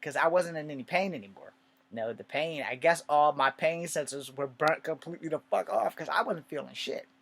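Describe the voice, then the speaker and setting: A man's voice: on the high side, fairly quick, vocal fry, a bit bright. A man telling a personal story in a casual, rambling way, swearing often and drifting into asides. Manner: rambling and profane, with many asides.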